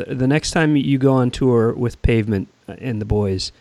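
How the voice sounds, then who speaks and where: A man's voice: mid-range voice, normal speed, warm tone, no room sound. A man hosting a casual radio chat, rambling and hesitant, laughing easily. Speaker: radio host.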